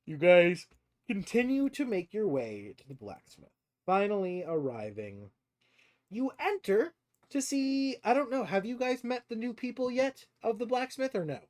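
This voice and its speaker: Game master, man, high and bright, giggly and lively. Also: moderate pace. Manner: giggly, animated, laughs often. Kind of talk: narrating a tabletop game.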